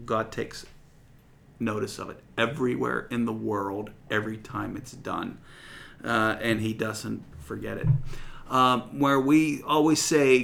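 A man's voice: fairly low pitch, gravelly, fairly bright tone. A man teaching a sermon in a conversational way, reading verses aloud and explaining them with frequent fillers. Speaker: preacher.

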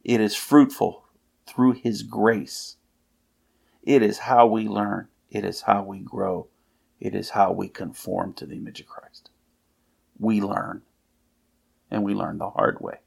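Low gravelly male preacher. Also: steady tone, slow pace, pauses often. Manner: earnest, reads scripture aloud with emphasis. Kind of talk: sermon.

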